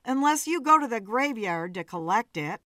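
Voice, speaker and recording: A woman's voice: on the high side, big pitch swings, moderate pace, a bit bright, dry recording, studio quality. A woman voicing a blunt, wry female bartender.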